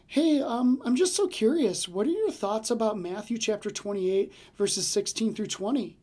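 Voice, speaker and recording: A man's voice: high voice, animated, moderate pace, a little mellow. A man voicing an eager, nosy young woman who questions strangers at a café. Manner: prying, overly earnest.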